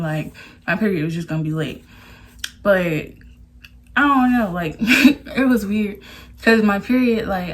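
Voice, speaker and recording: Chatty young woman vlogger, low-ish voice. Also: husky. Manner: chatty, loose, says "like" a lot. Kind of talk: casual storytime to camera.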